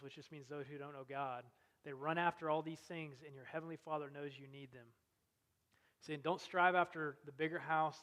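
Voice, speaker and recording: A man preaches a sermon in an earnest, conversational way, his voice sitting a little high for a man. His delivery swings from loud emphasis down to near-hushed lines. The sound carries a long reverb, like a large hall. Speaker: campus ministry speaker.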